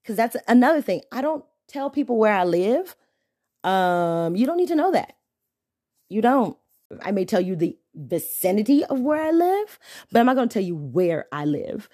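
A young adult woman hosting a podcast, telling a story in a casual, slangy way and jumping up in pitch when she is indignant. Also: moderate pace, dry recording, clean studio sound. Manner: animated, exclaims with sharp pitch jumps when indignant; slangy, conversational. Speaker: podcast host.

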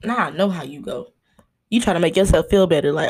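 A young woman hosting a casual solo podcast, ranting in an animated, exasperated way and calling her listeners "y'all" and "honey.". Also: on the low side, brisk. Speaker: podcast host.

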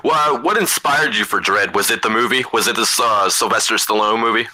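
Blunt male host with a bright voice. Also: on the low side, a little fast. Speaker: interview host. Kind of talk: casual interview chat.

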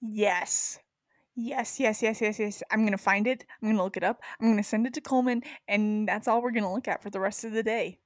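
A young woman co-hosting a podcast, chatting playfully, chiming in quickly and laughing. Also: medium pitch, steady tone, dry recording, clean studio sound. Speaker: podcast co-host. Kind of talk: casual chat.

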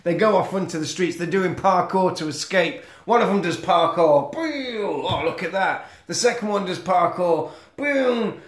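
Swearing man with a slightly high voice. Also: moderate pace, hardly any pauses. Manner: swears freely, blunt storytelling. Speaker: podcast co-host. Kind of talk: casual film recap. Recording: roomy echo.

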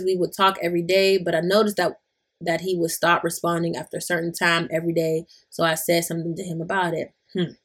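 A woman's voice: lowish voice, fairly bright tone, slightly rough. A young woman hosting a podcast, reading a listener's story aloud and reacting bluntly, swearing freely. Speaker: podcast host. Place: lives in Atlanta.

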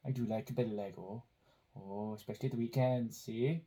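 A man's voice: lowish voice, steady tone, a little fast, dark tone, close to an everyday voice. A man voicing a chirpy, train-loving man from the Welsh Valleys, in a put-on Welsh accent with a lilting, cheerful delivery. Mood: cheery. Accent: Welsh, put on badly. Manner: sing-song, cheerful, folksy.

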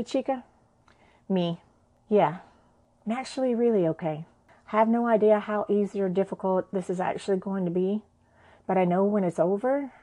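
A woman's voice: medium pitch, mellow. Woman telling her story plainly. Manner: frank and conversational, swears freely. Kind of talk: personal story narration.

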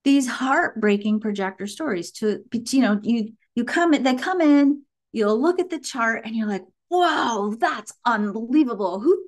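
A woman guest on a podcast interview, telling stories in an animated way, laughing and quoting herself. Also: a little high, moderate pace, hardly any pauses. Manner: animated storytelling with laughs and quoted asides. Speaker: guest, human design teacher.

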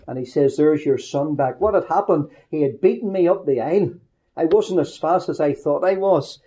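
Middle-aged northern irish man preaching with funny stories, higher voice but warm and mellow. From Northern Ireland. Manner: humorous anecdotal storytelling, quick asides. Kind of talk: storytelling sermon.

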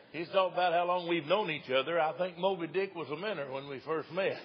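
A man's voice: a little high, a little fast, noisy background. Folksy East Tennessee preacher in his 60s. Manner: folksy, jokey, laughs often. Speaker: evangelist. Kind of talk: humorous sermon storytelling. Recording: dull lo-fi recording.

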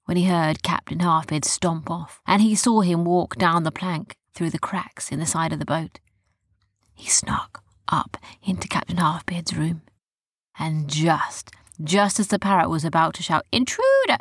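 A woman narrating a children's story softly, often dropping to a whisper. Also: deep voice, steady tone, unhurried, husky, no echo, clean studio sound.

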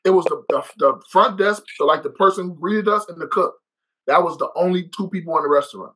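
A man co-hosting a casual chat podcast, talking excitedly and repeating himself. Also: sits high, fast talker, slightly rough, low-quality recording. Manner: excited, repeats words and says "bro" a lot. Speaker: podcast co-host.

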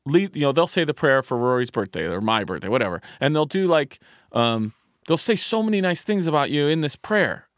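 A man's voice: a little high, big pitch swings, fairly quick, no echo, studio quality. A man co-hosting a podcast in casual chat, rambling with lots of fillers and restarts. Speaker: podcast co-host.

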